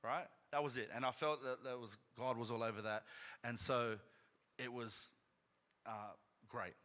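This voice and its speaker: A man preaching in a church sanctuary, telling a personal story as though chatting with the congregation and tossing in "right?" again and again. His voice is bright and forceful, and at its height it climbs loud and high. Long reverb trails behind his words. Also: fairly even intonation, measured pace. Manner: conversational, frequent "right?" asides, rising to loud emphatic peaks. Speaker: pastor.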